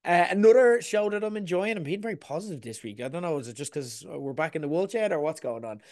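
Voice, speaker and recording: A man's voice: a little high, animated, quick pace, darkish tone. Chatty man with a raised voice. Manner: chatty, rambling, full of "like" asides. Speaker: TV reviewer. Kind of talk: casual chat.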